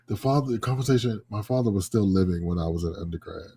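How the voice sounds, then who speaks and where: A man co-hosting a live talk show in casual banter. He talks in an animated way, swears freely and laughs often. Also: on the low side, fast, husky. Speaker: co-host.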